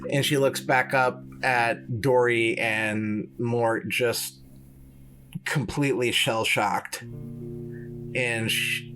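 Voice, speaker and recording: Man running a tabletop game, slow and measured, faint guitar behind. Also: mid-range voice, steady tone, sharp tone. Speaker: game master.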